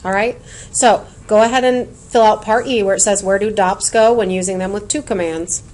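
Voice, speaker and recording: A woman's voice: mid-range voice, fairly even intonation, normal speed, a little mellow. Patient woman teaching a recorded lesson. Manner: clear and patient, chants in a sing-song rhythm. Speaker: Spanish teacher.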